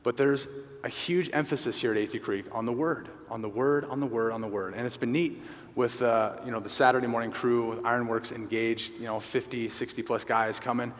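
A man's voice: mid-range voice, fairly even intonation, fairly quick. A man preaching a sermon to a men's group, earnest and conversational, repeating key phrases for emphasis. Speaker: pastor at a men's gathering. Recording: reverberant hall.

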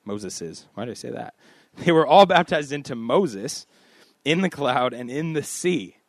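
A man's voice: medium pitch, expressive, measured pace, no echo. A man preaching a casual expository sermon, talking in a conversational, self-deprecating way with offhand asides.

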